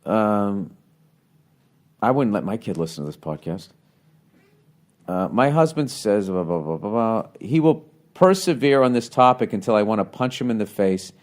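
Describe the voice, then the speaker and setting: A man's voice: on the low side, lively intonation, normal speed, long pauses. A middle-aged man hosting a podcast, bluntly giving casual advice on a listener's letter with lots of swearing and rambling asides. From United States.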